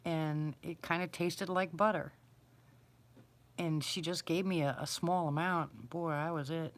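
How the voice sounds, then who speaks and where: A woman's voice: sits low, fairly even intonation, a little slow. A middle-aged woman hosting a casual livestream, chatting and answering viewers by name. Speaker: livestream host. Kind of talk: casual live chat with viewers.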